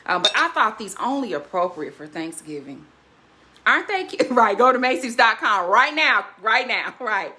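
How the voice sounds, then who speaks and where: An older woman, hosting a casual cooking vlog and chatting warmly and animatedly to her viewers, laughing often. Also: mid-range voice. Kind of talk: casual unboxing chat to viewers.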